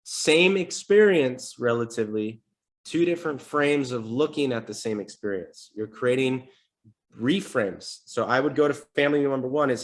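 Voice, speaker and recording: A man's voice: medium pitch, normal speed. A man coaching salespeople on a live stream, talking casually and energetically and acting out sample sales calls. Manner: energetic, conversational teaching with role-played examples. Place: home desk setup.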